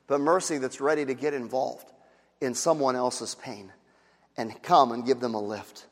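A man's voice: on the high side, moderate pace. A man preaching a sermon, repeating his key phrases for emphasis and acting out the voices of sighing bystanders. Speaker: pastor. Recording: long hall reverb.

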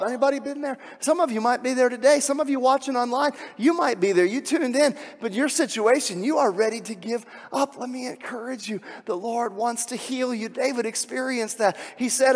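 A man preaching a sermon as pastor, moving between soft, hushed passages and loud, shouted emphasis. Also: extremely high pitch, fairly quick. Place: church sanctuary. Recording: long hall reverb.

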